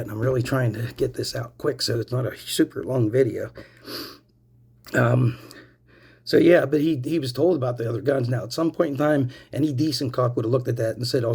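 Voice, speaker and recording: A fairly quick, medium-pitched voice, creaky and husky with a darkish tone, belongs to a vlogger in his forties from Pennsylvania. Between drags on a cigarette, he rants at the camera in anger, cursing frequently and addressing viewers as "people."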